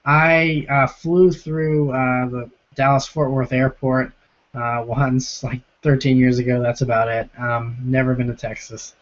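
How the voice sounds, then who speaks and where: Hoarse young man hosting a live Q&A. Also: mid-range voice, flat delivery, a little slow. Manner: chatty, reads viewer comments aloud and answers them. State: hoarse, sore rough throat. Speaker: live stream host. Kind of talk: casual live-stream Q&A. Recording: lo-fi stream audio.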